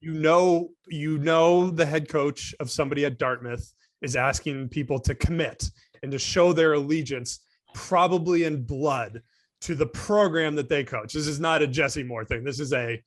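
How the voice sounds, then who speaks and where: A man's voice: a little high, moderate pace, no room sound, clean studio sound. Man co-host thinking aloud. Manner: rambling, thinking aloud with restarts. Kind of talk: casual panel discussion.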